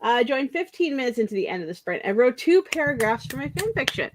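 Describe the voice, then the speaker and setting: A woman's voice: sits high, big pitch swings, fast talker, slight background noise. A young woman hosting a casual productivity stream, chatting in a rambling way and laughing often, sounding drowsy. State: yawning, drowsy. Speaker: streamer host. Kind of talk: casual chat.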